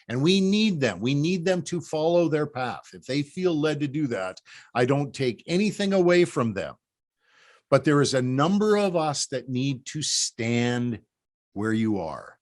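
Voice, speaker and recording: A man from Canada delivers a rallying political briefing to supporters. His talk is emphatic and repetitive, circling back to drive each point home. He keeps pressing listeners to stay put and act. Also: medium pitch. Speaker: political organizer.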